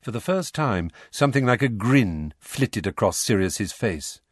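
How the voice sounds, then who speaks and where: A man reading an audiobook as narrator, in an expressive storytelling manner. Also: fairly low pitch, a little slow, slightly rough, no echo, clean studio sound. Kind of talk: scripted narration.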